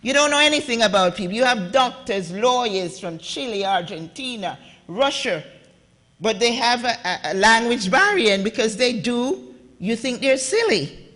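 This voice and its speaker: A woman's voice: medium pitch, a bit bright. Emphatic Jamaican woman in echoey hall. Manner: emphatic, speaks straight to the audience. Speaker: conference speaker. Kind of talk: impassioned public talk. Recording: echoey hall with long reverb.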